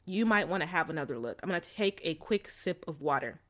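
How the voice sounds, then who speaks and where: A woman's voice: lowish voice, animated, a little fast, a bit bright. A woman chatting casually to her viewers about relationships, candid and slangy, laughing often and filling her talk with "like" and "you know.". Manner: frank and slangy. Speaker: vlogger giving relationship advice. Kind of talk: casual chat to camera.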